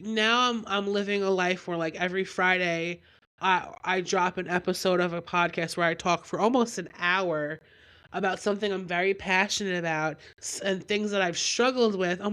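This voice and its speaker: A woman's voice: lowish voice, a bit bright. A young woman hosting a solo podcast while getting over a cold, talking in a rambling, heartfelt way with lots of "like". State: has a cold. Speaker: podcast host. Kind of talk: candid solo podcast talk.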